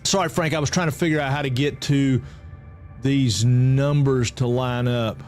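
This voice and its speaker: A man's voice: medium pitch, steady tone, normal speed, a little mellow. Man, game streamer, rambling and repetitive, talks to chat, faint background music. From Atlanta, Georgia. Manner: chatty, repeats himself, reads out chat. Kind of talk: casual live-stream chat with viewers.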